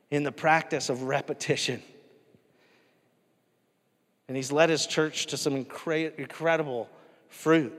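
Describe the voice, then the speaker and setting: A man preaches a sermon in a relaxed, conversational way, often turning to ask the congregation questions. His voice sits a little high and carries a long reverb in a large hall. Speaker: pastor.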